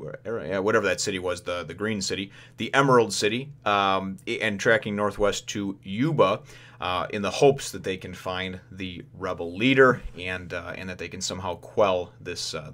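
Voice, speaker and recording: A man's voice: on the low side, fairly bright tone. A man casually reviewing a manga chapter, rambling with many fillers and raising his voice to act out the characters' lines. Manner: rambling, lots of fillers, laughs while retelling; acts out lines of the characters in a raised voice.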